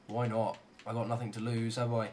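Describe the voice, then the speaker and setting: A man commentating his own online football game, ranting and swearing heavily, swinging between shouts and low muttering. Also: level tone, brisk, slight background noise. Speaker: gaming channel host. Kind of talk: live gameplay commentary.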